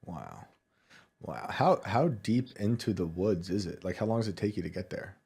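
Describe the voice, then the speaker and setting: A male podcast host with a low voice and a mellow, warm tone. He talks in a casual, chatty way and keeps asking quick follow-up questions. He laughs easily along the way. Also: gravelly, slightly rough. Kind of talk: casual interview chat.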